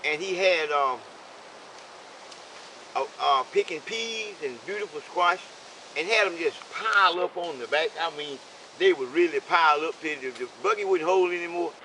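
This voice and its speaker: Older man, bright forceful tone, sermon-like storyteller, light hiss and vehicle noise behind. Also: a little high, moderate pace, low-quality recording. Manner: preachy, repeats "okay?" for emphasis. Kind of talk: casual storytelling conversation.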